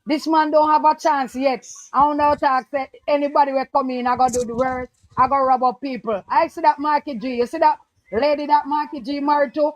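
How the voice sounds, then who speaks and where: Fervent Jamaican Patois woman, high-pitched. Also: steady tone, fairly quick, dry recording. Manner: fervent, emphatic, repeats points. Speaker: caller. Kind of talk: impassioned political call-in talk.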